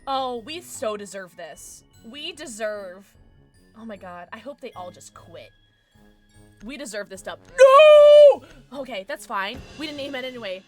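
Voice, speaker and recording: A young woman streaming a video game, excitable, swearing and joking about her own play. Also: medium pitch, moderate pace, soft background music. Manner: excitable, swears a lot, self-deprecating. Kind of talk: live gameplay commentary.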